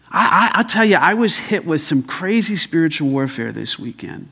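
An older man preaching a sermon as pastor, emphatic, swinging between loud and hushed. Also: a little high, big pitch swings, normal speed, gravelly, hardly any pauses, slightly rough. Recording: long hall reverb.

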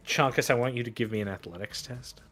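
A man's voice: mid-range voice, fast talker, fairly bright tone, faint music behind. A man narrating as game master, rambling with many fillers.

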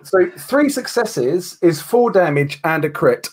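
Man, tabletop player, lively pitch, fairly high, animated, laughing. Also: unhurried, slightly rough. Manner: animated, swears, laughs often. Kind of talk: casual tabletop play.

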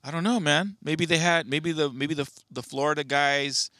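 Man, podcast co-host, laid-back hesitant chat, bright tense voice, dry close sound. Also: on the high side, steady tone, normal speed, dry recording. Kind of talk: casual chat.

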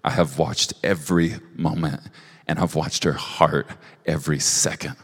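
A man giving personal prophetic words to a couple at a church service, halting and earnest, with frequent restarts. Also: very deep voice, fairly even intonation, creaky, husky. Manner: halting, with restarts and soft asides. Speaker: prophetic minister. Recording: long hall reverb.

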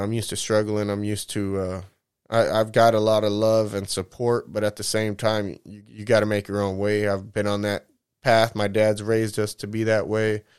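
A man's voice: lowish voice, darkish tone, clean tone. A man in his mid-thirties talking in a casual, rambling vlog monologue, candid and emotional, drifting off topic, swearing freely and saying "man" at the end of many sentences. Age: 30s. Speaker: vlogger.

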